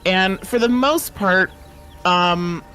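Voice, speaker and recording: A man's voice: sits high, slow pace, pushed and bright, faint music behind. Chatty man explaining a game. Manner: chatty, explaining game mechanics with many fillers. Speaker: host. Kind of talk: casual game commentary.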